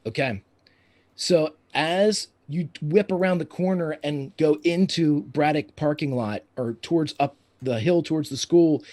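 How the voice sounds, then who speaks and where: A man's voice: a little high, darkish tone. A man narrating scenes and calling for dice rolls as game master of a tabletop game. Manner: descriptive, unhurried, calls for rolls.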